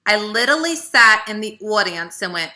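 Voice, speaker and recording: A woman from the American South with a Southern accent, giving a chatty, animated motivational talk to her team as a leader. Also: medium pitch, normal speed. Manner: chatty, animated, with frequent "right?" and "okay". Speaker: network marketing team leader.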